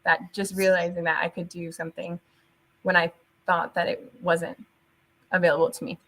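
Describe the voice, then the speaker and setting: A young adult woman, a teacher, chatting as an interview guest, telling animated stories with laughs and stretches of Spanish. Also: fairly low pitch, moderate pace. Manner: animated storytelling, laughs often, switches into Spanish. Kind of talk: casual interview chat.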